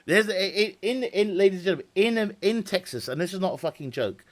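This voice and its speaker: A man's voice: sits high, fast. A man chatting casually with viewers on a live stream, rambling, swearing freely and laughing often.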